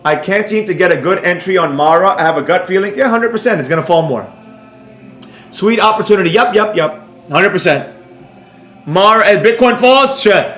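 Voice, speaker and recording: Loud sarcastic guy running a live trading class, high voice, echoey room. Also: animated, normal speed. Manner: brash, loud, sarcastic, jokey. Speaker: trading instructor.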